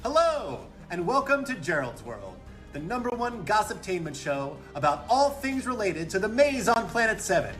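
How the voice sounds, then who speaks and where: Man playing a high, swooping gossip show host, chirpy and showy, faint music behind. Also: very animated, moderate pace, a bit bright. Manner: bubbly announcer patter, overeager.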